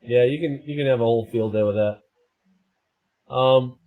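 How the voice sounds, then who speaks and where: A man hosting a casual live stream at his desk, with a middle-pitched voice. He rambles from one thing to the next and cracks self-deprecating jokes. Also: unhurried, narrow, tinny audio.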